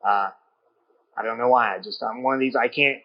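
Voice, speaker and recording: A man's voice: mid-range voice, brisk, a little hiss or hum. A chatty male podcast host talks casually in a brewery taproom. He rambles and often restarts his sentences. The recording sounds a little dull. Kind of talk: casual interview chat.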